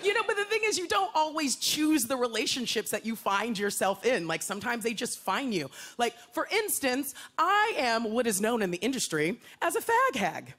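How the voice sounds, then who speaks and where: A woman doing a stand-up comedy set on a club stage, talking to the crowd with quick asides and playful put-on voices. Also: a little high, sing-song. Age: older than her twenties. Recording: live club set over loud crowd laughter. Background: loud audience laughter and noise.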